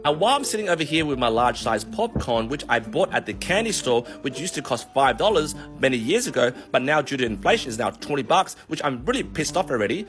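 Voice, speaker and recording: A man who works as a mortgage broker, ranting in a profane, animated way on a casual vlog. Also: mid-range voice, fast, few pauses, over music.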